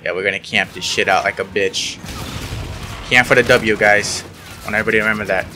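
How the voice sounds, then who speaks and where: Sarcastic and swearing often, a young YouTuber commentates his online shooter match casually and yelps when frustrated. He talks fast in a lowish, pushed, bright voice with fairly even intonation, and the recording carries a little hiss or hum.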